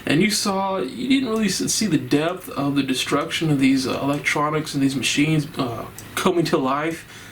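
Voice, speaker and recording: A man's voice: on the high side, normal speed, a little hiss or hum, rough recording. A man giving a casual, enthusiastic and rambling horror movie review, laughing often.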